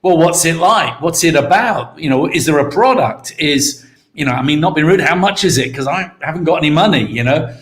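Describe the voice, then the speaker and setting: A British man giving an energetic motivational talk on a live stream, repeating key words and calling out to viewers by name. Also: on the high side, fairly quick, reverberant. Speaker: network marketing mentor hosting a live stream.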